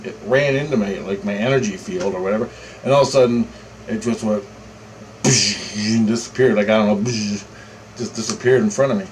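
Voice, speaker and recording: A man's voice: fairly low pitch, brisk, a little hiss or hum, low-quality recording. A man telling a story in a casual, rambling way, repeating himself and swearing freely. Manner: rambling, repetitive, profane. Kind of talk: casual first-person storytelling.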